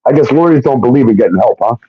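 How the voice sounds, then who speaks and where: Speaking in a husky, mid-range voice at a very fast clip, a male show guest tells a long, profane story, swearing often and animatedly acting out the voices of the people in it. The stream audio is dull and lo-fi, with no echo.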